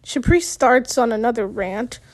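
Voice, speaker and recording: A woman narrating a first-person novel in a high voice. She reads slowly and stops to redo words, so it sounds unpolished. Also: darkish tone, dry recording. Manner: unpolished reading with slips and retakes. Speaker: audiobook narrator.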